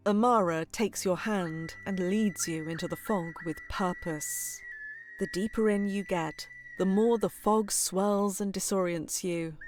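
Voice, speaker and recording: A woman giving scripted, even narration for a video game. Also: medium pitch, unhurried, soft background music, lightly acted. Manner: even, descriptive storytelling.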